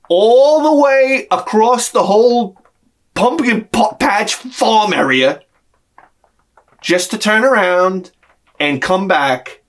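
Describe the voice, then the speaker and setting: A man telling a personal story in an animated way, swearing freely and acting out the people in it. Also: high voice. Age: adult with a young son. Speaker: video creator.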